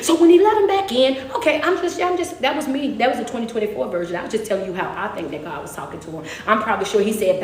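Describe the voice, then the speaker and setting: A woman motivational speaker preaching in an animated, emotional way and laughing often. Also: medium pitch, fast talker, roomy sound.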